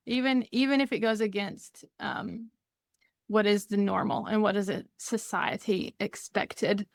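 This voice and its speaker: A woman's voice: mid-range voice, measured pace, gravelly, no echo, clean studio sound. A woman with a Southern US accent, a podcast guest chatting casually, rambling and laughing often. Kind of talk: casual conversation.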